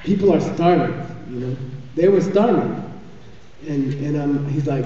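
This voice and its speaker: Teacher, man, dark and mellow voice with a slight lift in pitch, joking and chatty, heard from far off in a reverberant hall. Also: unhurried. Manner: chatty and joking, keeps checking in with "okay?". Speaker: spiritual teacher. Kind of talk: live dharma teaching. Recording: echoey hall, far from the mic, dull sound.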